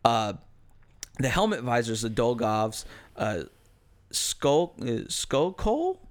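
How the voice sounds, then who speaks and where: A man's voice: mid-range voice, sing-song, slow pace. A young American man co-hosting a podcast in casual chat, rambling and profane, with many hesitant fillers. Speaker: podcast co-host.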